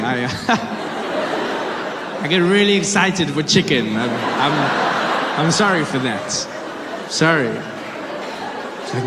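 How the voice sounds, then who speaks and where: A man doing stand-up comedy on a club stage, telling stories in an animated way with big swings in delivery. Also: slow, pauses often, a loud crowd. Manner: animated storytelling, big pitch swings, mock confessions. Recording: reverberant noisy comedy club.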